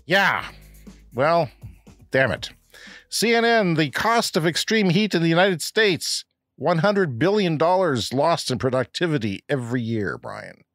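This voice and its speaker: Animated, wry Canadian man co-hosting. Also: on the high side, unhurried, dry recording, clean studio sound, soft background music. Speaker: podcast co-host. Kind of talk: casual podcast chat.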